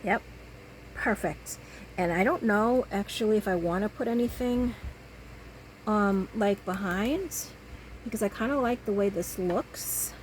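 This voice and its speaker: A woman talks unhurriedly through a craft project, thinking out loud as she works. Her pace is slow and easy, her pitch middling. There is a faint hum of room noise behind her. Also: poor audio. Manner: chatty, talks to herself while working. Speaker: crafting vlogger. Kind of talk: casual crafting chat.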